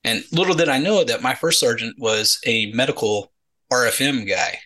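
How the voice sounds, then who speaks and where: A middle-aged man with a bright, forward voice tells his army story in a relaxed interview. He slips into the voices of the people in the story and keeps the telling lively. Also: medium pitch, moderate pace, low-quality recording. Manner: animated storyteller acting out quoted dialogue, many repeated "he's like". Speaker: podcast guest, retired Army sergeant.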